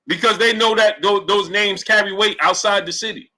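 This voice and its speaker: Over poor audio, a man with a New York accent and a voice that sits high hosts a casual sports live stream at a moderate pace. He's animated, talks straight to chat, and reads viewers' comments aloud.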